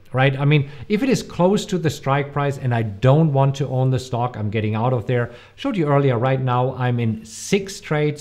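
A man's voice: mid-range voice, darkish tone. A man with a German accent, hosting a live-stream Q&A. He answers viewers' questions with emphatic warnings and many fillers. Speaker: host.

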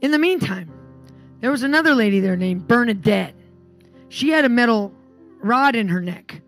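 Animated woman preaching. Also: on the high side, moderate pace, long pauses, soft background music. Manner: animated, emphatic storyteller, commanding in prayer. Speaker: preacher and healing minister. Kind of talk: sermon with storytelling and healing prayer.

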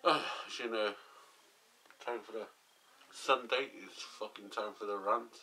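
A man's voice: fairly low pitch, steady tone, measured pace, sharp tone. Grumbling man swearing constantly. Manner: grumbling, swears nearly every line. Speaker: vlogger. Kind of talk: weekly rant vlog. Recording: distant mic, noisy background.

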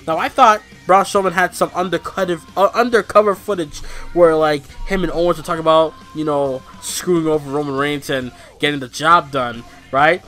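A man's voice: on the high side, normal speed, faint music behind. A man giving a casual wrestling review, rambling and swearing and ranting with energy. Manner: rambling, profane, animated ranting.

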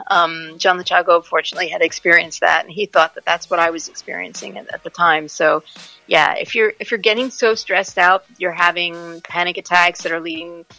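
A woman in her forties, an actress and musician, telling stories in a casual interview, animated and laughing often. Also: fairly low pitch, low-quality recording. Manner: animated storyteller, laughs often, acts out quotes.

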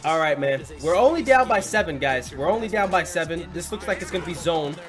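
A young man commentating his football video game play, excitable and frequently swearing and yelling at the players. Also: on the high side, a little fast. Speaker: gaming commentator.

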